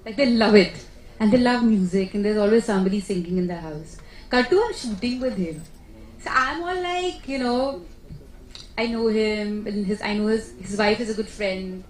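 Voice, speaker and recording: A woman, an actress answering press questions in an animated, chatty way. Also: mid-range voice, moderate pace. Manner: chatty, animated storytelling with laughs. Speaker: actress at a film press meet. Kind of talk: casual press conference answers. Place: press conference room. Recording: echoey room, faint background noise.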